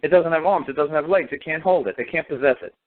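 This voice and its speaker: A man's voice: fairly high pitch, fast talker, slight background noise. Emphatic man on a phone line. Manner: emphatic, repetitive rhetorical questions. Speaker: speaker. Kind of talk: phone talk show discussion.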